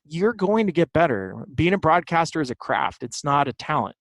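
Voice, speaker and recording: This guest on a casual interview is a man in his thirties from Southern California who broadcasts baseball and tells stories in an easygoing way. His fairly high voice is very animated at a normal speed. The recording has no echo but is low in quality.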